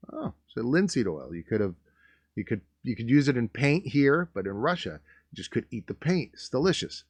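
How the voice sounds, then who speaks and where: A man's voice: medium pitch, very animated, normal speed, husky, no echo. A man hosting a comedic show, reading old newspaper clippings aloud and joking about them. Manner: jokey, puts on silly voices for the people in the clippings. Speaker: podcast host.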